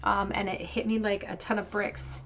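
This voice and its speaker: Woman, tarot reader, earnest, reflective, mid-pitched voice, lingers on key phrases. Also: flat delivery, normal speed, background noise. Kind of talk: pick-a-card tarot reading.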